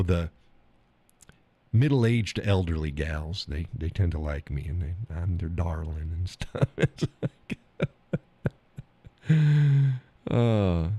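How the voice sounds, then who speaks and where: Middle-aged man, Oklahoma accent, teasing stream host; dark, dry sound. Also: lowish voice, no room sound. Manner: laughs often, teasing and blunt. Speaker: live stream host reading chat. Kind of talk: casual chat.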